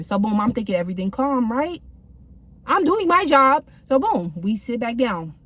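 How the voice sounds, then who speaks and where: A woman's voice: a little high, very animated, moderate pace, a bit bright. A young woman telling a casual storytime from her car, in a chatty, slangy way with many fillers. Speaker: vlogger.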